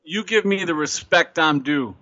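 Deadpan radio prank host. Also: male voice, on the high side, normal speed, no room sound, lo-fi sound. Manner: calm, stubborn, deadpan.

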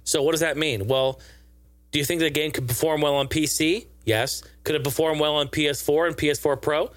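A man's voice: a little high, fairly even intonation, fairly quick, a bit bright, dry recording. A man giving casual, profane and sarcastic gaming news commentary in a rambling way.

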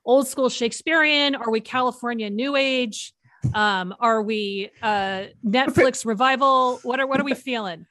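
A woman guest on a podcast in casual chat. She is playful and teasing, with quick asides. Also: on the high side, fairly bright tone.

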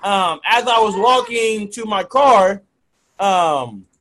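A man's voice: high-pitched, expressive, slow pace, a bit bright. A man who referees youth football and teaches, telling stories casually in an interview and filling his talk with "like" and "you know". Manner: rambling, heavy use of "like" and "you know".

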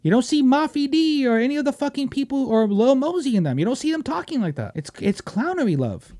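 A man hosting a podcast, ranting loudly and mockingly with heavy swearing, dropping to low mutters between outbursts. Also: sing-song, a little fast. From Washington State, US. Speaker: podcast host. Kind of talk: casual podcast rant.

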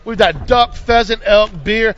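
A man's voice: high-pitched, a little slow, background noise. A man hosting a live show, rambling and joking through a sponsor read at a fishing event. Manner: rambling, jokey, salesman patter. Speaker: show host. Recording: dull lo-fi sound.

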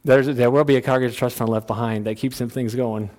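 A pastor preaching in a folksy, conversational way. He pushes his voice up high and loud to drive a point home, then drops to a low, quiet tone for asides. His voice sits at a middle pitch for a man. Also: fairly even intonation, quick pace. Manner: folksy, plain-spoken preaching. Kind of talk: sermon.

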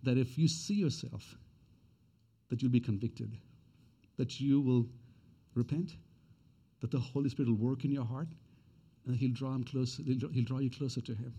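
A man's voice: medium pitch, fairly even intonation, normal speed, pauses often, dark tone, husky. A man preaching a sermon as pastor. He speaks earnestly and repeats his key questions for emphasis.

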